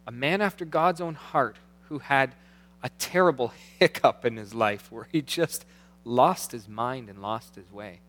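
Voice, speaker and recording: A man preaching a sermon as pastor, earnest, slowing down to read scripture aloud. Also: mid-range voice, a bit bright. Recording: long hall reverb.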